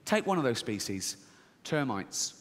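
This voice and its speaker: A middle-aged man doing stand-up comedy, deadpan and swearing, acting out squeaky voices in a theater. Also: unhurried, big-room sound. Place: large theater with audience. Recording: live theater, audience laughter.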